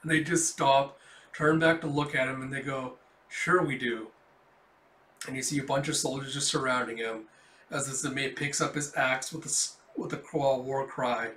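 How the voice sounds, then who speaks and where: A man's voice: mid-range voice, fairly even intonation, moderate pace, fairly bright tone, slight background noise. A man casually reading a comic book aloud, with swearing and laughing asides. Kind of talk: casual comic readthrough narration. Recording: roomy echo.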